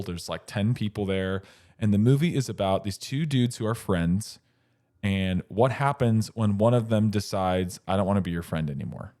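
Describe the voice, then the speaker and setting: A man's voice: lowish voice, mellow. A man in his thirties co-hosting a casual podcast, talking enthusiastically and rambling, with many fillers and restarts. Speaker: podcast co-host. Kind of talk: casual chat.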